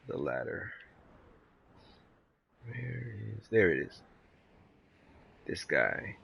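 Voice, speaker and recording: Gravelly low-voiced man rambling over gameplay. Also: sing-song, drawn-out words, long pauses, bright, forceful tone, soft background music. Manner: rambling, laid-back, heavy swearing. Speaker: gamer. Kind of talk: casual gameplay commentary.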